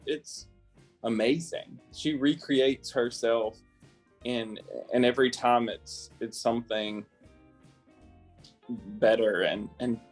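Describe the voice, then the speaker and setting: A man's voice: fairly low pitch, darkish tone, breathy edge. Chatty American man, laughing often. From South Carolina, USA. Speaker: guest. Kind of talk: casual interview chat.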